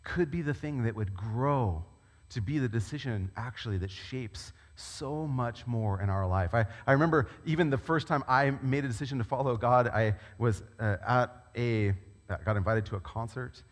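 A man delivers a sermon at a middle pitch, conversational and animated as he tells stories. His voice carries a long reverb, as if recorded in a large church hall. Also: moderate pace. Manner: conversational, animated storytelling preacher. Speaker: pastor.

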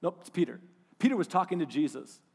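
Animated preacher man in a reverberant hall. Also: a little high, fast talker, vocal fry, husky. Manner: animated, swings from loud to hushed. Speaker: pastor. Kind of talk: sermon.

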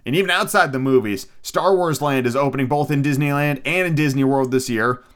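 A man's voice: medium pitch, a little fast, a bit bright, smooth. A man hosting a podcast alone, ranting casually with energy, lots of swearing and self-mocking asides. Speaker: podcast host.

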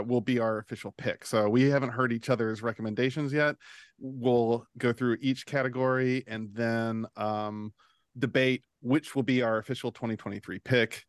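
A man's voice: medium pitch, smooth, no room sound, clean studio sound. A man hosting a casual podcast chat, upbeat and steering the talk. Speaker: podcast host.

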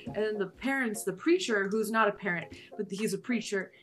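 A woman's voice: mid-range voice, fairly quick, noisy background. A woman co-hosting a podcast who rambles and swears her way through a casual film summary. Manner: rambling, giggly, swears often. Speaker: podcast co-host.

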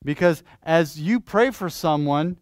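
A pastor preaching in church, lively and questioning, restarting phrases and asking the congregation things. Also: male voice, a little high, a little slow, no room sound, clean studio sound. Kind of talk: sermon.

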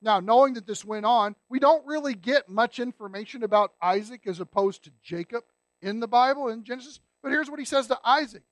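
Guy preaching, real high voice, dry close sound, pushes hard on points and asks the room questions. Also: a little fast, no room sound. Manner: emphatic, with rhetorical questions to the congregation. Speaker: pastor. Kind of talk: sermon.

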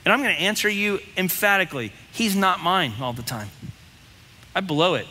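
A man's voice: sits high, animated, normal speed, sharp tone, big-room sound, a little hiss or hum. A man preaching a sermon as pastor, talking bluntly and conversationally, with lots of rhetorical questions.

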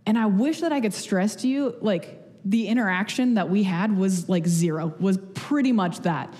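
A woman's voice: mid-range voice, moderate pace, dark tone. A young woman giving a casual, conversational sermon, chatty and self-deprecating, with storytelling asides. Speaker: speaker giving a church message. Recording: long hall reverb.

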